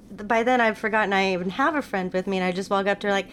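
A woman telling a story in casual chat as a guest, lively and laughing, acting out what people said. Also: medium pitch, rapid-fire, few pauses, smooth. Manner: animated, laughing, acts out quotes.

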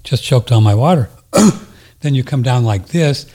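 A man's voice: mid-range voice, normal speed, mellow. A man hosting a talk radio show, chatting casually and rambling as he demonstrates an exercise. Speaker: radio host.

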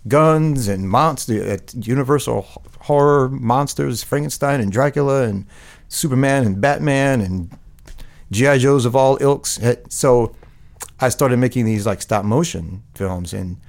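A man's voice: medium pitch, a little slow, vocal fry. A middle-aged man, a guest in a casual interview, talking in a rambling way full of fillers and restarts.

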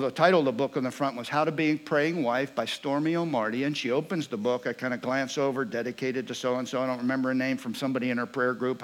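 A man in the pulpit telling a story as part of his sermon. He talks at a middle pitch and moves between punchy, louder moments and quiet, confiding asides. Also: poor audio. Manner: animated storyteller, swinging between loud bursts and hushed asides. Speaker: preacher.

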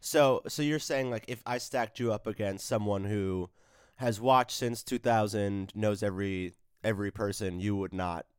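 A man's voice: fairly low pitch, moderate pace, clean tone, no echo, studio quality. A man co-hosting a podcast in casual chat, slightly congested and laughing easily. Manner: laughs easily, relaxed and jokey. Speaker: podcast co-host.

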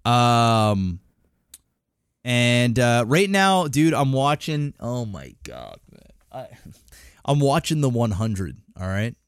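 Man, podcast co-host, casual chat, profane, rambling, mid pitch, dry close sound. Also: slow, clear, resonant tone, dry recording. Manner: profane, rambling, animated storytelling.

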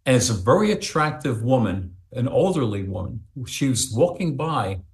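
A man tells a story in a chatty, rambling way, full of fillers as he goes. His voice sits at an ordinary pitch for a man. The sound carries a roomy echo. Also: very animated, moderate pace, a little mellow. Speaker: psychic medium guest. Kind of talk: storytelling in a podcast interview.

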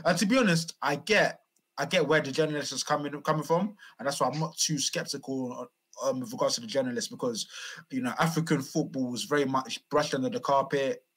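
Husky man. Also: mid-range voice, brisk, a bit bright. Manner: earnest, restarts, explains at length. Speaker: podcast co-host. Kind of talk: casual chat.

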